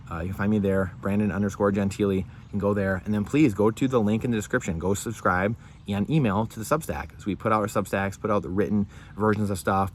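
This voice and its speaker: A man's voice: on the low side, slight background noise. A man hosting his own channel, delivering a heated solo monologue full of impassioned rhetorical questions. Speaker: channel host.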